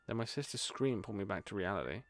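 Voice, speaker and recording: A man's voice: on the low side, expressive, quick pace, faint music behind. A man, a gaming streamer, reading a horror visual novel aloud with casual, swearing asides.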